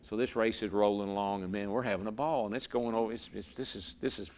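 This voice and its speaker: Low-voiced man telling a story. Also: fairly even intonation, quick pace, darkish tone. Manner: vivid storyteller, repeats words when emotional. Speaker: interview guest, former racer turned broadcaster. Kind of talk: storytelling in a conversation.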